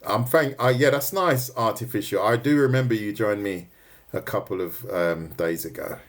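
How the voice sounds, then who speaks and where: A man's voice: on the low side, normal speed. A man giving a casual, joking drawing lesson on a livestream, teasing his viewers. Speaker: art teacher.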